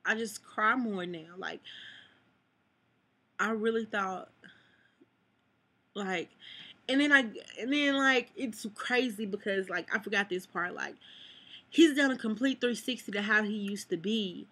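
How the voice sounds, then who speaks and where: A young woman pours her heart out to her camera in a bright, clear voice. She rambles, loops back on herself and leans on "like" as she talks. At times she is close to tears. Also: mid-range voice, unhurried, long pauses. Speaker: vlogger. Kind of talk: emotional personal vlog talk. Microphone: camera mic.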